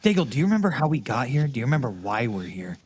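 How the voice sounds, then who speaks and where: A man's voice: mid-range voice, sing-song, fast, crowd noise. A man playing his character in a tabletop game, earnest and given to restarts. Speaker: player. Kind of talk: in-character tabletop role-play.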